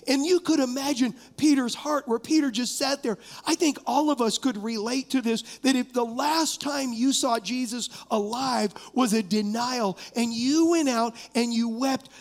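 A man's voice: very high voice, normal speed, hardly any pauses. A man preaching an impassioned sermon as the pastor, putting direct questions to the congregation. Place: church sanctuary. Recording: long hall reverb.

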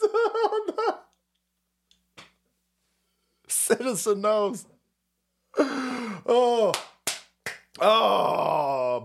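A male streamer rants in a profane, sarcastic way and laughs often. His pitch swings widely as he goes. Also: gravelly, husky. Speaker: streamer host. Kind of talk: livestream commentary rant.

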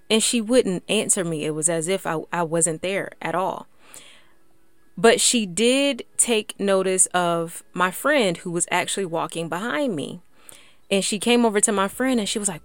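A woman hosting a faith podcast, chatting excitedly and casually with lots of "like" and "y'all". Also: mid-range voice, moderate pace, dry recording, soft background music. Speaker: podcast host.

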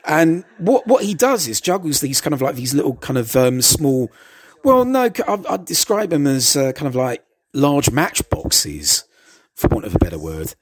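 Husky man, hesitant commentary. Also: mid-range voice, big pitch swings, moderate pace, dry recording. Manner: hesitant, stammering, chuckling asides. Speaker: commentator on an old TV episode. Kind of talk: casual commentary over a video.

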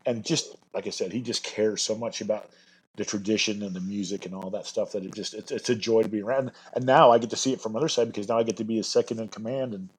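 A man's voice: on the low side, fairly even intonation, fast talker, husky, rough recording. A man talking as a bagpiper guest in a casual podcast chat, earnest and rambling with enthusiasm.

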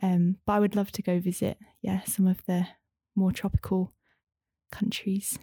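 A woman's voice: mid-range voice, level tone, normal speed, warm tone, no echo, clean studio sound. A young woman in casual conversation, talking in a chatty, rambling way with many fillers. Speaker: interview guest, former language student.

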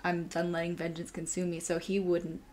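A young woman with a fairly low voice, co-hosting a casual fan podcast. She speaks in a relaxed way, thinks out loud, and laughs easily. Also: moderate pace, a little hiss or hum. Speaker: podcast co-host.

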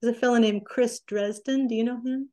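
Woman in her sixties, interview guest, mellow and warm, animated anecdotes. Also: fairly high pitch, a little fast. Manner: animated, acts out quoted remarks. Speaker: interview guest, recording engineer. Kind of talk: conversational storytelling.

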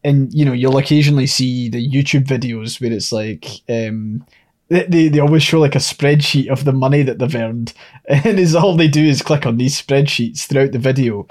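A man co-hosting a casual podcast chat, rambling through his points and swearing and laughing loudly. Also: medium pitch, moderate pace. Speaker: podcast co-host.

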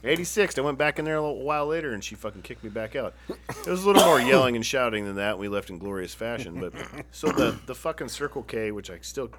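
A Phoenix, Arizona man speaks fast with lively intonation and a medium pitch, background noise audible behind him. Among friends in casual conversation, he tells rowdy stories, swears a lot, and laughs through his own tales.

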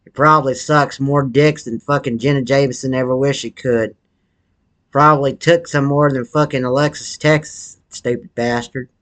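A crude, foul-mouthed slob of a man rambles in a slangy drawl, boasting that he is a rapper, as a man puts on the character. His voice sits at a middling pitch and drags along between drags on a cigarette. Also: fairly even intonation, moderate pace, a bit bright, lightly acted. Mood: rambling. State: smoking a cigarette while talking. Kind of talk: comedy sketch monologue.

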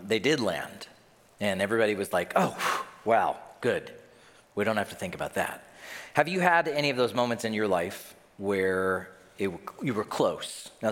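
A man preaching a sermon as pastor, telling stories in an animated way and acting out quoted voices. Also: lowish voice, long reverb tail.

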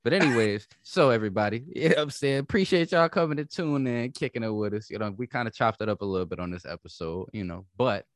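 A man's voice: medium pitch, expressive, fast, hardly any pauses, no room sound, studio quality. A man co-hosting a casual podcast, laid-back, giving advice and signing off the episode. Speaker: podcast co-host. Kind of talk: casual chat.

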